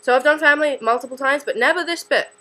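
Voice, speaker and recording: Brief: late-teen Australian girl, slightly high voice, rambling self-mocking vlog chatter full of ums. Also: fast, sharp tone, poor audio. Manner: chatty, scattered, self-deprecating, many fillers. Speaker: student vlogger.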